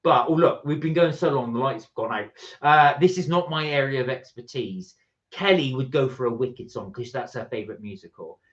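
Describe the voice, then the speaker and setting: A man's voice: mid-range voice, a little fast. A man co-hosting a live stream, chatting casually and reading viewer comments aloud. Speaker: livestream co-host. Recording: dull lo-fi stream audio.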